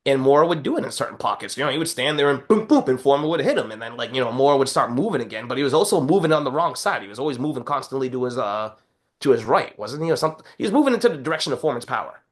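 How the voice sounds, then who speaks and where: A man co-hosting a podcast in casual chat, telling stories with animated energy, acting out quotes and swearing freely. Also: medium pitch, racing. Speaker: podcast co-host.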